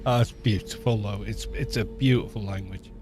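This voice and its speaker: A man's voice: on the low side, fairly even intonation, moderate pace, darkish tone, a little hiss or hum. A man with a North Welsh accent, a streamer chatting casually and rambling with frequent restarts. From North Wales. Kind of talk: casual chat.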